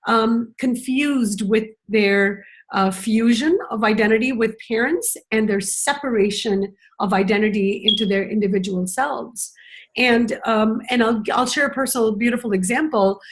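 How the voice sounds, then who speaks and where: A middle-aged woman speaking as a parenting educator in a conversational conference talk, reflective and earnest, with many "you know" fillers. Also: a little high.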